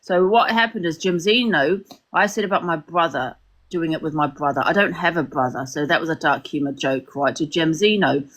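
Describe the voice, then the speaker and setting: A woman's voice: deep voice, moderate pace, a bit bright. A woman, a guest on a live stream, talking defensively and insistently in a heated argument.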